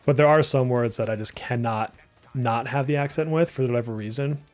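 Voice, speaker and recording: A man streams a game and chats loosely, with a mid-pitched voice and a mild Massachusetts accent. He has a slight speech impediment and fills his talk with "like". Faint music plays behind him. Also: a little fast, darkish tone. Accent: mild Massachusetts, slipping through on some words. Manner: chatty and rambling, many "like" fillers, reacts aloud to the game. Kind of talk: casual live-stream gameplay commentary.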